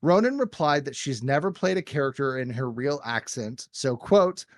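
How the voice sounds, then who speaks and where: A man's voice: mid-range voice, lively intonation, normal speed, few pauses, no room sound. A man hosting a casual movie podcast panel, reading out trivia in a playful, jokey way. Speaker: podcast host.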